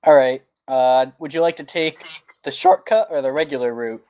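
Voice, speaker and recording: A man's voice: mid-range voice, moderate pace, warm tone, clear, resonant tone. A man narrating as game master of a tabletop game, laid-back and full of fillers. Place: home, over an online voice call.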